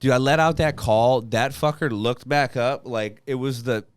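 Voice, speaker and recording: Cussing, rambling hunter guest. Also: male voice, medium pitch, normal speed, smooth. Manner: loose, profane storytelling with lots of fillers. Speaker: podcast guest, bowhunter. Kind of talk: casual chat.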